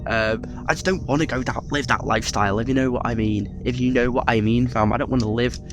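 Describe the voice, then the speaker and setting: Exasperated British ranting narrator. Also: male voice, mid-range voice, steady tone, fast talker, over music. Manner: exasperated swearing rant. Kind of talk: ranting commentary.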